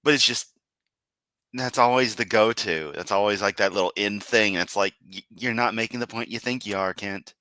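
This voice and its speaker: A man's voice: lowish voice, moderate pace, pushed and bright, no echo. A man reacting to a debate clip on a live stream, swearing and mocking as he talks. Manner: profane, mocking. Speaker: stream commentator. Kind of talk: reaction commentary.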